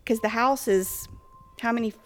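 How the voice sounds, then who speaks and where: A woman's voice: a little high, normal speed. A woman casually telling a ghost story from her own life, chatty and full of fillers. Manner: chatty, with frequent fillers and acted-out quotes.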